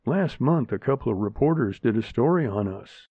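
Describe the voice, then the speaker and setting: A man's voice: mid-range voice, lively intonation, normal speed, no echo. A man doing a chatty, amused older man. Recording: narrow phone-like sound, dry.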